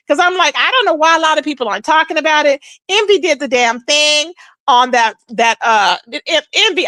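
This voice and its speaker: Woman, livestream host, casual gossip chat, high voice, dry close sound. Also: no room sound. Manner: chatty, animated, calls viewers "child" and "baby".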